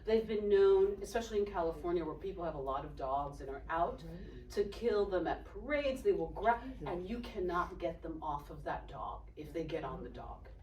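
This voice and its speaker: A woman from Haiti giving a testimony sermon, telling a story with animated delivery and acting out the voices of the people in it. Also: on the low side, moderate pace. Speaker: speaker. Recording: echoey hall, distant mic.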